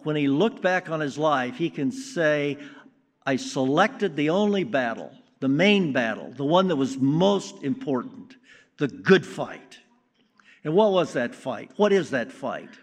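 A man preaching a sermon in a slow, deliberate way with strong emphasis on key words. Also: on the high side. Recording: long reverb of a large hall.

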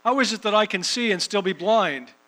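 Man, preacher, sermon, emphatic, repetitive cadence, sharp bright tone. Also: sits high, fairly quick, low-quality recording. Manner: emphatic, repeats phrases for rhythm.

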